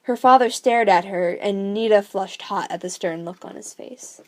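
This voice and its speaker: Amateur woman reader, novel aloud, mid pitch, gushing profane asides. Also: moderate pace. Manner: excited, profane, rambling outbursts in commentary. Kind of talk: reading a novel aloud with commentary.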